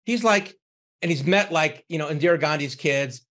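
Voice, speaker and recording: A man's voice: fairly high pitch, moderate pace, a bit bright. Man, a podcast guest telling anecdotes. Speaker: podcast guest, book publisher. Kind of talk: casual interview.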